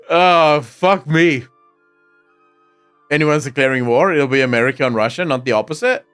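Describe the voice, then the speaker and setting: A man's voice: on the high side, slow, long pauses, fairly bright tone, soft background music. A young man with a South African accent, chatting casually and crudely on a live stream, joking and swearing as he reacts to chat. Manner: sardonic, joking, frequent laughter and swearing.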